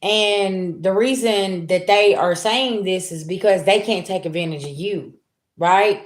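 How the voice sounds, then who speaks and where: A woman's voice: mid-range voice, unhurried, reverberant. A woman doing a casual tarot reading, talking straight to her viewers in loose, colloquial speech. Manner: colloquial, talks straight at the audience; acts out quoted people in lively voices. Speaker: tarot reader.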